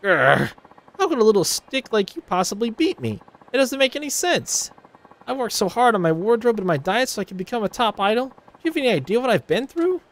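A man's voice: high voice, sing-song, brisk, pitched above the performer's own voice. A man voicing a snooty, boastful young female idol rival while reading video game dialogue aloud. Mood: indignant. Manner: haughty, boastful, whiny.

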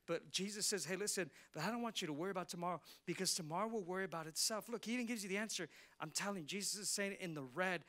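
A male pastor preaching a sermon to his congregation, swinging between fired-up calls and quiet asides. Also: high voice, fairly quick.

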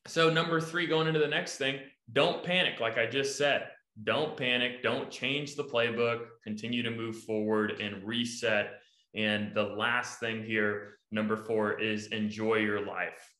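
A man co-hosting a podcast, giving animated, emphatic advice in numbered points. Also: lowish voice, unhurried. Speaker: podcast co-host. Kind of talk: casual podcast talk. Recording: echoey room.

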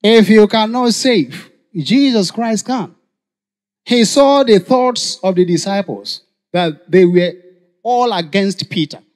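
A man with a Nigerian accent preaching a sermon to a congregation, calling for responses and shouting. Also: high-pitched, expressive, takes it slowly. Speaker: pastor. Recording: long hall reverb.

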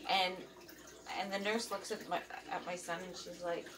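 A woman's voice: on the low side, level tone, moderate pace, a bit bright. A middle-aged woman hosting a vlog in casual chat, rambling along with lots of ums and uhs. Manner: rambling and chatty, with many fillers. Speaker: vlog host. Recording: distant mic with running water noise.

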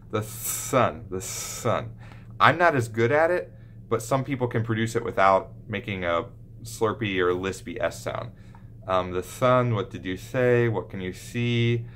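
Talking to camera as an instructor, a male pediatric speech therapist explains speech sounds in a mid-range, fairly bright voice. He demonstrates sounds and lisps with exaggerated examples, and a little hiss or hum is audible.

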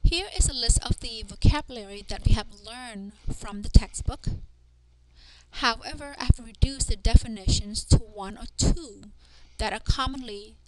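A woman with a highish but darkish-toned voice slowly works through a language lesson, sounding out each letter and word with deliberate precision. Audio quality is poor, and background noise can be clearly heard.

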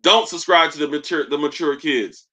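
A man's voice: on the high side, moderate pace, sharp tone, a little hiss or hum. A young man hosting a live sneaker stream, chatting loosely and roasting viewers in slangy, joking talk. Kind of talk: casual live-stream chat reading comments.

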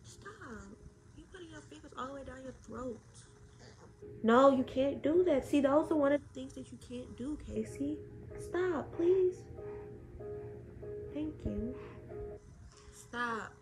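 A woman's voice: sits high, moderate pace, music in the background, rough recording. A young mother chatting on a phone livestream, talking to her baby in a playful sing-song and repeating words.

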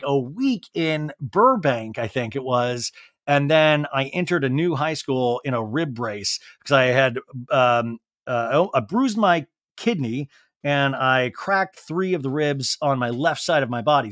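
A man's voice: on the high side, fairly bright tone, no room sound, studio quality. A man hosting a podcast, giving a comedic reality TV recap full of jokey asides. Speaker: podcast host.

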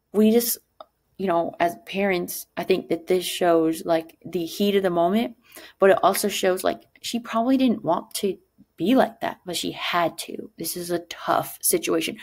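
A woman teacher leads a lesson in a low, somewhat gravelly voice. She talks in an animated way and checks in with her class again and again. When she quotes someone she jumps up in pitch. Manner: animated, asks rhetorical "right?" often; acts out quoted lines with sudden pitch jumps.

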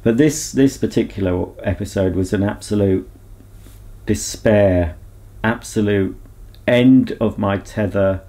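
Mellow low-voiced man, candid chat. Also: a little slow. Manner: rambling, candid and self-reflective. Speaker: vlogger. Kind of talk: casual chat to camera.

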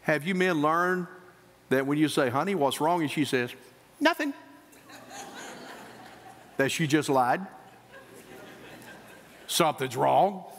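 A male pastor preaching a sermon, swinging between emphatic high points and quieter asides. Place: church sanctuary. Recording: church hall reverb.

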